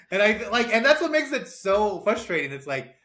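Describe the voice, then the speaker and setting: A man's voice: high voice, sing-song, normal speed, a bit bright. A man co-hosting a casual movie review podcast, recapping the plot with lots of laughter and silly quoted lines. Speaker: podcast co-host.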